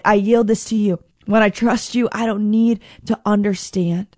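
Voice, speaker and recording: A woman's voice: mid-range voice, fairly even intonation, moderate pace, darkish tone, no room sound. A woman preaching a sermon in an earnest, conversational way, acting out quoted prayers as she goes.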